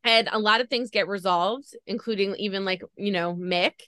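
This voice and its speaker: A woman's voice: mid-range voice, moderate pace, pushed and bright, no echo. A woman podcast host gushing as she retells a story in a casual interview chat.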